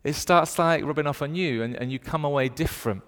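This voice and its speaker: Northern English preacher in a big hall. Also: male voice, a little high, fairly quick, smooth. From north of England. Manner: animated storytelling with playful put-on voices. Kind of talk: sermon.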